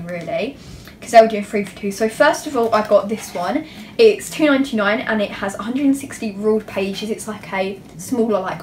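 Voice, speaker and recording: A woman's voice: fairly high pitch, echoey room, distant mic, slight background noise. A teenage girl, chatting in a gushing, self-mocking way as she shows off school supplies in a casual vlog. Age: teens. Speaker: YouTuber.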